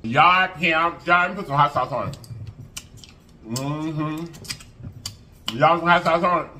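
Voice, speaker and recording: This food vlogger speaks on the high side and a little slowly while hosting an eating show. Chatty and animated, he hums and mm-hmms as he tastes and addresses viewers as y'all and baby.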